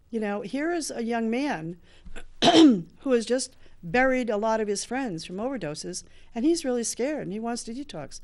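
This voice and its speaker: A fairly high-pitched, animated woman's voice with a darkish tone moves at a moderate pace. She is an older woman in recovery hosting a show, earnestly telling her own story and acting out others' words as quoted dialogue.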